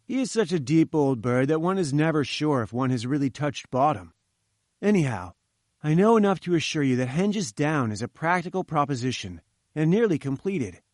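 A man's voice: a little high, animated, normal speed, a little mellow, dry recording, clean studio sound, lightly acted. A man doing a breezy young reporter. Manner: breezy and chummy. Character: cheerful young male journalist, breezy.

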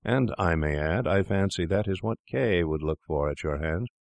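A man's voice: low-pitched, animated, moderate pace, gravelly, no echo. A man reading the part of a cool, cynical young doctor in a storybook, coolly persuasive.

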